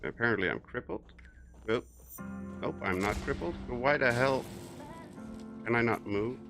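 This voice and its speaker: A man hosting a gaming stream, chatting casually and reacting with quick exclamations while he plays. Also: mid-range voice, music in the background.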